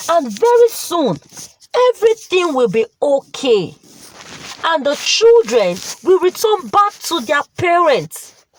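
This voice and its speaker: A woman voicing a patient young husband, dropping her voice lower to speak calmly and plead. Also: no echo, heavily acted. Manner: calm, pleading, consoling.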